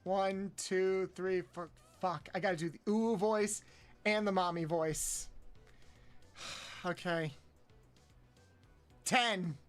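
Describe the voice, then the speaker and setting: A man streaming a game, counting aloud, swearing often and yelping high when frustrated. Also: fairly even intonation, slow pace, pauses often, faint music behind. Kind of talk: casual live-stream chat while playing.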